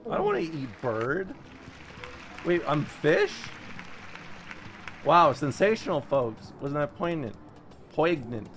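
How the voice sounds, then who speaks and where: A man with a fairly high voice talks casually over a game he is streaming. He rambles and jokes, breaking into sudden excited yelps. Soft music plays faintly behind him. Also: takes it slowly, pauses often. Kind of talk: casual gameplay commentary.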